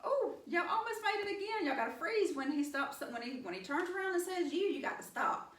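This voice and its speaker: A woman's voice: extremely high pitch, expressive, fairly quick, a bit bright, echoey room, far from the mic. A woman with a Southern US accent teaching young children a phonics lesson, upbeat and encouraging. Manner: upbeat, encouraging, addresses class with y'all. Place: classroom.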